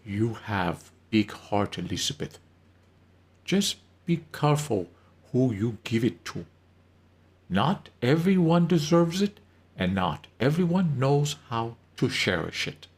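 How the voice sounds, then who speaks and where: A man voicing an emphatic, caring woman who runs a wig shop, speaking firmly but gently with drawn-out emphasis. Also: medium pitch, very animated, pitched above the performer's own voice. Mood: gentle, reassuring.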